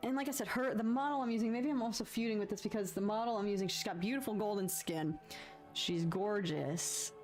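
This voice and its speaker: Chatty, expressive woman live-streaming her painting. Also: medium pitch, fairly quick, soft background music. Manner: chatty and expressive, swinging from frustration to giddy relief, sings snatches. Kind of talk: casual live-stream chat while painting.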